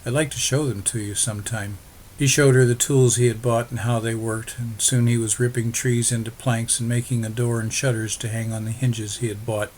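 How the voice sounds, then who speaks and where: A man reading a story aloud as a narrator, in a steady, even storytelling manner. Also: mid-range voice, normal speed, hardly any pauses, a little hiss or hum. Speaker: audiobook narrator. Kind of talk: scripted narration.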